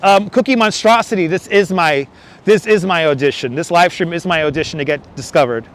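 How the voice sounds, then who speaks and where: A man's voice: fairly high pitch, brisk, a bit bright. A man hosting a live walking stream outdoors, chatting and joking while reading viewer comments aloud, on a wireless lapel mic. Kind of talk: casual live-stream chat. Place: outdoors walking a windy city bridge. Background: city traffic and passing subway trains.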